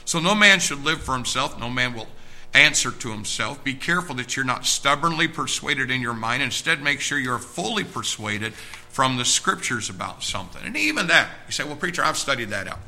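A man's voice: medium pitch, expressive, moderate pace, pushed and bright. A man preaching a sermon, talking straight to his congregation in a conversational way and often checking in with them. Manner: conversational preaching with frequent direct asks to the congregation.

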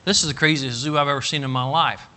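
A middle-aged man preaching a storytelling sermon, folksy and animated, rising to loud emphatic bursts. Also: fairly high pitch, fast talker. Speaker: pastor.

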